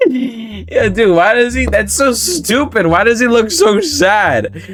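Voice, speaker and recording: A man's voice: very high voice, expressive, slow. A man doing casual reaction commentary on funny videos, laughing often and repeating short exclamations.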